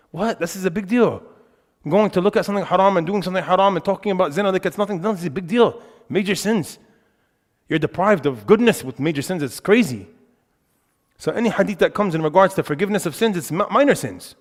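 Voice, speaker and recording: A young man giving an emphatic, conversational religious lesson in a mosque, with frequent filler words. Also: a little high. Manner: animated, emphatic. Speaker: religious teacher. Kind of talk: lecture on worship. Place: mosque hall. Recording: reverberant mosque hall.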